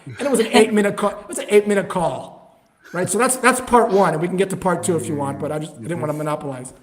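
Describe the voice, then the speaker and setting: A man giving sales advice in a podcast interview, acting out both sides of phone calls in an animated way. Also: sits high, fast. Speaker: sales trainer, guest. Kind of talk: conversational explaining with acted call examples.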